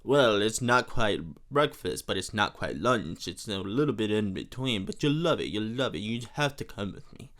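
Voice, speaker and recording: A man voicing a smooth, flirtatious man with an exaggerated mock French accent, coaxing and suave. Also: lowish voice, animated, normal speed, few pauses, fairly bright tone, pitched below the performer's own voice. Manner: suave, coaxing, sleazy charm.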